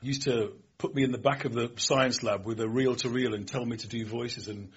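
A man's voice: medium pitch, steady tone, a little fast, husky. A male interviewer who asks jokey, playful questions in casual chat. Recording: muffled lo-fi recording.

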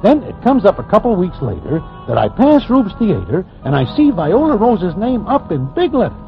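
A man's voice: high voice, wildly swooping pitch, moderate pace, vocal fry, faint music behind, exaggerated voice. An actor playing a genial, wisecracking male Broadway narrator in a 1940s radio drama, telling the story in folksy present tense. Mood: narrating. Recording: dull old radio recording.

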